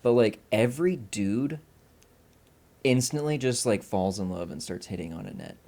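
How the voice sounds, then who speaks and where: A man co-hosting a casual film podcast, retelling scenes loosely and profanely, slipping into quick quoted voices. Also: fairly low pitch, expressive, dark tone. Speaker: podcast co-host. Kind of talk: casual film-review chat.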